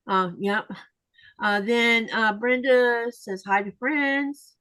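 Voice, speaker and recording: A woman's voice: fairly high pitch, fairly even intonation, slow pace, a bit bright, dry recording, rough recording. A woman hosting a casual livestream chat, reading viewer comments aloud and sharing her own feelings.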